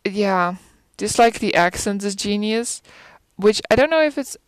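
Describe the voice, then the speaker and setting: A woman talks through her thoughts in a relaxed, rambling way, pausing to hunt for words and posing questions aloud. Her voice is smooth and clear, and the recording is close and dry. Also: mid-range voice, dry recording. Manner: thinks aloud, searching for words and restarting; reflective, asks rhetorical questions. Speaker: film commentator. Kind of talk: casual musing chat.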